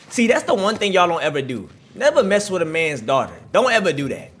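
Animated man trash-talking during a game. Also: high-pitched, brisk, few pauses, background noise. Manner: animated, slangy, trash-talks enemies. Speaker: gaming channel host. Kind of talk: live reaction commentary over a playthrough.

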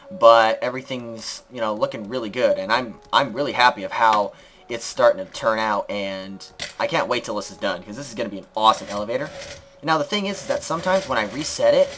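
Chatty young man playing a game. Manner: chatty and playful, bursts into squeaky shouts at the game. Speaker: gaming channel host. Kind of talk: casual let's-play commentary.

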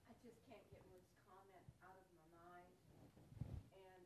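A woman in the class making a thoughtful comment from the audience and pausing to find her words. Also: lowish voice, little pitch movement, reverberant, recorded from a distance, heavy background noise. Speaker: class participant.

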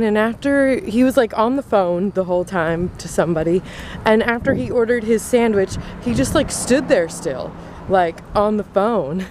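A woman's voice: medium pitch, a little mellow, slight background noise. A young woman vlogging in a chatty, exasperated way, full of filler words. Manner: chatty, exasperated, many likes. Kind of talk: casual vlog chat.

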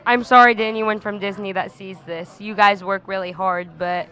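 A woman's voice: mid-range voice, fairly even intonation, normal speed, bright, forceful tone, low-quality recording. A teenage girl cheerleader being interviewed, cracking cheeky jokes. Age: teens. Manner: cheeky, wisecracking. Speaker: guest, cheerleader. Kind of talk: casual interview chat.

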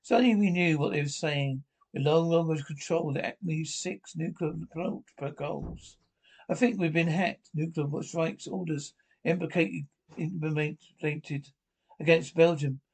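A man's voice: fairly high pitch, fairly even intonation, unhurried, vocal fry, a little mellow, slightly rough, poor audio. A man reading a drama aloud, voicing the lines and the sound cues himself. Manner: reads character lines in his own voice with stage cues. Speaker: audio description reader. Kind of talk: reading an audio-described drama with all the voices.

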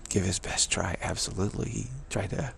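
A man telling a rambling spiritual story in a halting way, often repeating words and restarting. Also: on the low side, steady tone, creaky, a bit bright, a little hiss or hum.

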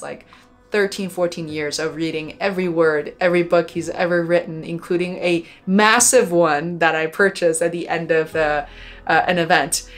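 Earnest woman telling a heartfelt story. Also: fairly low pitch. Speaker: documentary filmmaker and vlogger. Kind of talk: reflective personal vlog.

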